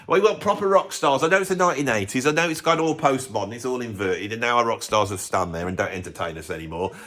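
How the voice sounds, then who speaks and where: A man, a drummer and music vlogger, giving a sarcastic, animated, opinionated rant to camera. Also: medium pitch, quick pace. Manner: sarcastic, animated, self-mocking.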